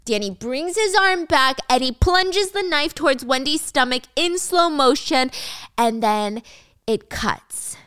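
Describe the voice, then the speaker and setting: A young woman hosting a casual show, recapping a drama with animated storytelling. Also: high voice, measured pace, no echo, studio quality. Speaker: host.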